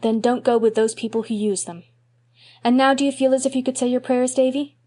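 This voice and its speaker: A woman reading an audiobook, voicing a gentle, patient young woman who speaks softly and reassuringly. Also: fairly high pitch, level tone, brisk, voice pushed up, lightly acted. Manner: gentle, soft-spoken, reassuring.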